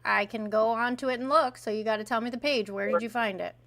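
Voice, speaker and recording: A woman's voice: fairly high pitch, fairly even intonation, fast talker, fairly bright tone. A woman hosting a live call-in stream who bluntly questions and challenges her callers. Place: in Florida.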